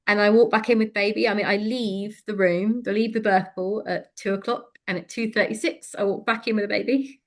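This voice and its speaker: A woman telling a personal story in conversation, frank and lively, with many fillers. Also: medium pitch, a little fast, hardly any pauses. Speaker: interview guest.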